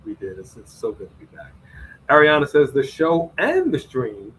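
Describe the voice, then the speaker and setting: A man's voice: medium pitch, huge pitch swings, moderate pace, a bit bright, a little hiss or hum, rough recording. A man co-hosting a casual live stream, playfully reading out viewers' ratings and chatting with his co-host.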